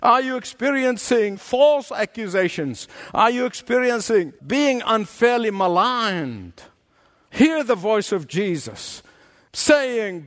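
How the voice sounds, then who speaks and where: A man's voice: high voice, animated, slow pace, long reverb tail. A man preaching a sermon as a pastor, with passionate delivery and frequent rhetorical questions to the congregation.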